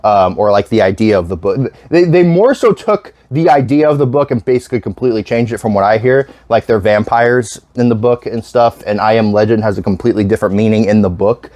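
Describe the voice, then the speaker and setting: A man's voice: fairly low pitch, fairly quick, few pauses, a little mellow, dry recording, clean studio sound. A man vlogging in casual chat, rambling with lots of restarts and frequent swearing.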